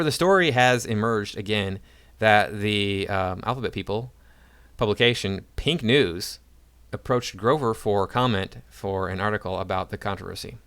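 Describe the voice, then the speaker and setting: A male video commentator reads news stories aloud and keeps interrupting them with sarcastic, mocking remarks. His voice sits on the low side. He talks in a casual, off-the-cuff way between the quoted passages. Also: a bit bright, clear, resonant tone. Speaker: YouTube commentator.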